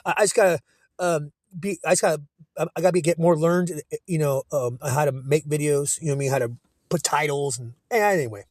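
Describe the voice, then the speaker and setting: A man with a notably high speaking voice talks scripture into his cell phone. He is rough and profane, full of restarts and stumbles, and slows down for the verses. The sound is dry, with no room echo. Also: darkish tone. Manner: profane, rambling, many restarts; reads verses slowly in old-style diction. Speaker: self-taught scripture teacher. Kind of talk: informal scripture breakdown video.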